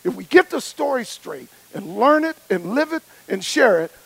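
A man preaching a sermon, emphatic, with rhythmic repetition and a gravelly voice. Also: very high voice, very animated, normal speed, low-quality recording.

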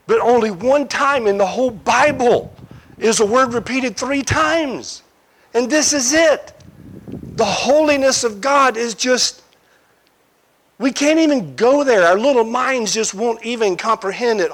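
This sermon has a man bringing a scripture episode to life as a vivid story, speaking to his listeners in inventive asides. His voice is very high, and his pace is measured.

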